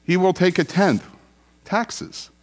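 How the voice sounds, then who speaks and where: A man preaching to his congregation, with a voice pitched a little above the usual. He talks in a relaxed, conversational way and drives his points home by repeating short phrases. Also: slow pace. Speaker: pastor. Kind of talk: sermon.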